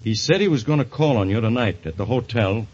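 A blunt police inspector with a husky, lively voice and gruff, folksy slang. The recording is dull and lo-fi, like old radio. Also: male voice, medium pitch, brisk. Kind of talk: 1940s radio acting.

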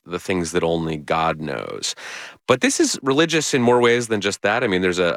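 A middle-aged man speaks in a radio interview with a low voice, recorded dry and close in a studio. He explains his points in a measured, earnest way, like a journalist laying out his reporting. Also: fairly bright tone, no echo. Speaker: journalist and author, interview guest.

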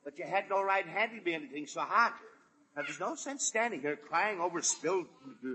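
A man's voice: high voice, lively intonation, a little fast, bright, forceful tone, a little hiss or hum, poor audio. An actor playing a weary, irritable middle-aged father in an old-time radio sitcom, sighing in exasperation. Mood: exasperated weary. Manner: exasperated, sighs "oh, me".

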